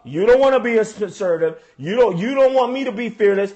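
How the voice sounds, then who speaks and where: High-voiced man ranting comically. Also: normal speed, few pauses. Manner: emphatic, repeats lines for punch; slangy and animated. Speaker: vlogger. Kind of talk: comic rant to camera.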